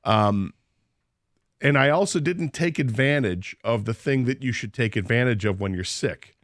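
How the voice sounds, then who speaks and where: A man's voice: mid-range voice, expressive, moderate pace, a bit bright, no echo, studio quality. A man hosting a radio show, telling a story in casual banter and laughing often.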